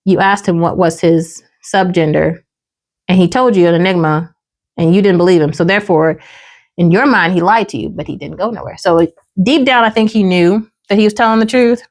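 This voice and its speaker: Animated woman retelling a drama. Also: on the low side, brisk. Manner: animated storytelling, acts out characters' lines. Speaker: podcast host recapping a drama. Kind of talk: casual chat.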